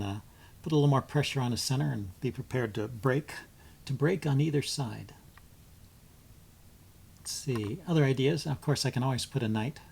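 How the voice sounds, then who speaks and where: A man commentates his own blitz chess game on his channel, his voice gravelly with a rough, creaky edge. He thinks aloud hesitantly, full of ums, and drops to a mutter as he weighs each move. A faint noise sits under the recording. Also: mid-range voice, darkish tone.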